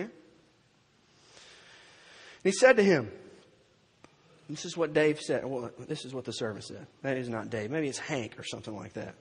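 A male preacher giving a sermon, telling a story in an animated way and slowing down for emphasis. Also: high voice, breathy edge, big-room sound.

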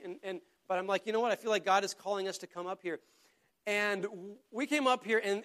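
Man preaching, high voice, earnest and conversational, stumbles over repeated words. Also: a bit bright. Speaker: pastor. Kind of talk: sermon.

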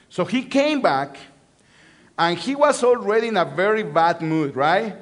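A pastor preaching a sermon, telling a story with lots of animation, swinging from loud emphasis to hushed lines and repeating phrases for effect. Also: male voice, sits high, expressive, normal speed.

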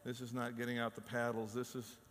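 A man's voice: mid-range voice, monotone, brisk, fairly bright tone, big-room sound. A man, preaching a conversational sermon and acting out voices as he tells the story. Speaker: pastor.

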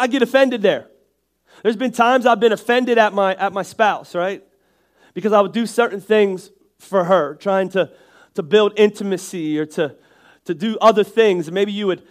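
A man with a nasal voice and a Northeastern American accent, preaching a sermon in a casual, joking way. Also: sits high. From Northeastern United States. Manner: conversational and joking, with frequent restarts and asides. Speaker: pastor.

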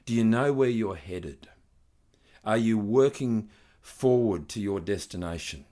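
A man with a fairly low voice delivers a sermon in an earnest, measured way. He reads scripture aloud and leans into key phrases with rising emphasis. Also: animated, mellow. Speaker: preacher.

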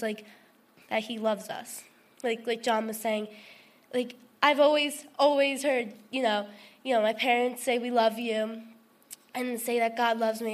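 A woman giving a heartfelt personal testimony to a group, rambling with lots of fillers and restarts. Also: on the high side. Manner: earnest and emotional. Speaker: testimony speaker.

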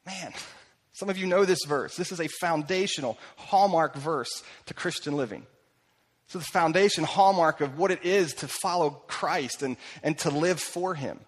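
A man preaching a sermon as pastor, animated, acting out the voices he quotes and swinging between loud bursts and hushed lines. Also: fairly high pitch, moderate pace, husky, in a large hall.

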